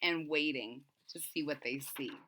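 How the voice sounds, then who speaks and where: A woman reading a picture book aloud to children, pausing to explain the story. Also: deep voice, bright, forceful tone, slight background noise. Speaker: storybook reader.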